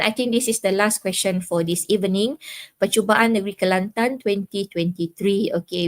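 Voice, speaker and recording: A woman's voice: mid-range voice, no room sound. A woman with a Malaysian English accent teaching a live online physics lesson, patiently explaining step by step with frequent "okay"s.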